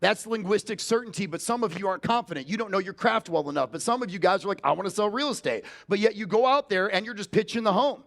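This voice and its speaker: A man's voice: high voice, quick pace, hardly any pauses, a bit bright. A man giving a motivational sales keynote on stage, brash and emphatic, swearing freely. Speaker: sales trainer and keynote speaker. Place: conference stage before an audience.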